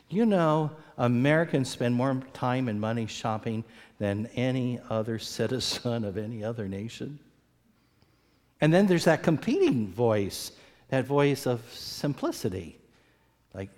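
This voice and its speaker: Preacher in a reverberant hall. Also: male voice, animated, normal speed, darkish tone. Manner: earnest, often repeats words while speaking; acts out quoted voices with big pitch swings. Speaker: pastor. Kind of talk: sermon.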